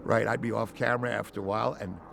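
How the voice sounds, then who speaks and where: Gravelly older man telling a rambling story. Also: on the low side, fast talker, noisy background. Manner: rambling, animated storyteller with many "you know"s. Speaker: actor. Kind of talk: interview anecdote.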